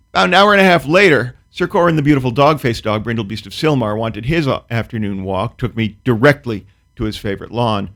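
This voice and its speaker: A man's voice: mid-range voice, a bit bright. A man, a comedian guest, telling a comic story in a dry, precise, wry way, then chatting casually about his work. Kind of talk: casual talk-show chat.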